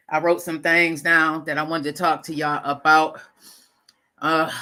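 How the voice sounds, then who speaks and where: A middle-aged livestream host from Lackawanna, New York, USA, chats casually in a low voice that still sounds bright and ringing despite her congestion. She has a runny nose and keeps clearing her throat. She's lively and talkative, tosses off laughing asides, and keeps addressing her viewers as "y'all."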